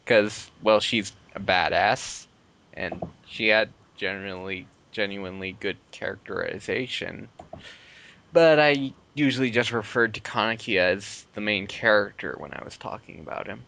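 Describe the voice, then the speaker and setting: A man's voice: on the low side, normal speed, gravelly, bright, forceful tone, a little hiss or hum. A man hosting a casual podcast chat, laid-back, chuckling often and trailing off mid-thought. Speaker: podcast host.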